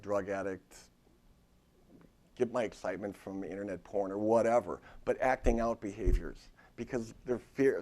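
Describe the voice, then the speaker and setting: A man's voice: on the low side, a little mellow. A middle-aged man, a therapist giving a live lecture to other therapists, talking straight to the audience with emphatic repetition. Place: lecture room at a university.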